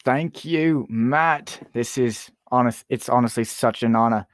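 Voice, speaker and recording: A man's voice: medium pitch, unhurried, no echo, clean studio sound, close to an everyday voice. A man playing a boastful, self-important rapper who is a guest on a comedy talk show. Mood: smug. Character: boastful young male Canadian rapper, royalist.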